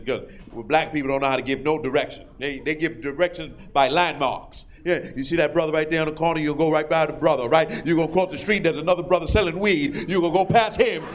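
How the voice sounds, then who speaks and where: A man doing a stand-up routine, loud and animated, acting out characters and shouting punchlines. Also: on the high side. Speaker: stand-up comedian.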